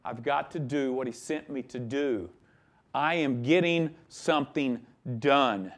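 A man's voice: medium pitch, unhurried, fairly bright tone. A man preaching a sermon, emphatic, with his voice rising and dropping in volume. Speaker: pastor.

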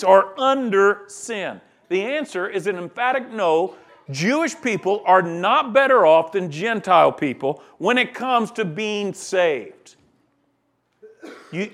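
High-voiced man preaching emphatically. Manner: emphatic, conversational preaching with frequent "right?" asides. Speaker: pastor. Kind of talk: sermon.

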